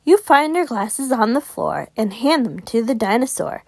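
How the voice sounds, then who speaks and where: A woman reading a children's picture book aloud as host of her podcast, expressive and sing-song. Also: fairly high pitch, moderate pace, gravelly. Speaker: children's story reader.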